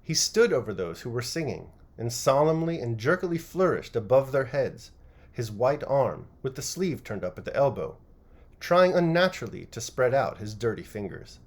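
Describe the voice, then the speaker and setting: A man narrating a classic novel chapter by chapter as an audiobook reader, with an expressive, varied reading. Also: medium pitch, normal speed.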